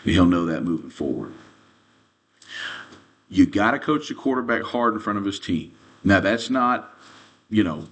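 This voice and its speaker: Guy coaching quarterbacks, lowish voice, earnest, keeps saying okay. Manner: earnest, often checks in with "okay?". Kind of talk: coaching lesson.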